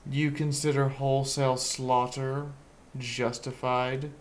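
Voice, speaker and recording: Casting note: slow, matter-of-fact male game master. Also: medium pitch, flat delivery. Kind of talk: narrating a tabletop game.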